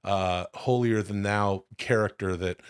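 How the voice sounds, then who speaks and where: A man's voice: lowish voice, steady tone, a little slow, clean tone, no echo, clean studio sound. A man co-hosting a comedy podcast, rambling animatedly through wrestling talk and silly bits. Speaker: podcast co-host. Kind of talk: casual comedic chat.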